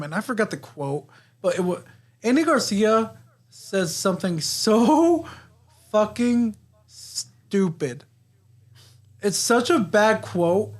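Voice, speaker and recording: A man co-hosting a podcast, casually recapping a movie plot in a rambling way, swearing and laughing. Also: high-pitched. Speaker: podcast co-host. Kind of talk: casual movie review chat.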